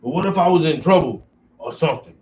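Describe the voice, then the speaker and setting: A man's voice: on the high side, fast, darkish tone, lightly acted. A man playing a whiny, nagging texter. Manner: complaining, insistent. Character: nagging friend who keeps texting. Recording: distant, dull lo-fi with faint noise.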